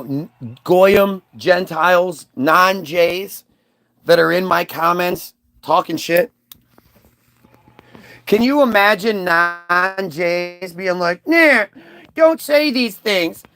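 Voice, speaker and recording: A male commentator rants through a casual reaction video, his voice sitting high for a man. His tone is sarcastic and scornful as he talks over what he is watching. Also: fairly bright tone. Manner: ranting, sarcastic.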